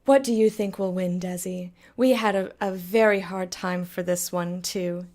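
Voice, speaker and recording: A woman's voice: on the low side, fairly even intonation, a little slow, darkish tone. A woman streamer presenting a mock awards show in a hammy, theatrical way, teasing her co-host.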